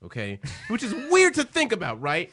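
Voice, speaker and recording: A man's voice: sits high, wildly swooping pitch, normal speed, pushed and bright. A man in loose, profane comedic banter on a podcast, rambling and slangy.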